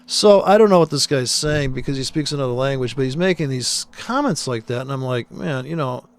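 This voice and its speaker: A man's voice: medium pitch, lively intonation, a little fast, clean tone. A man who trades, walking through charts on screen in blunt, profane, exasperated commentary.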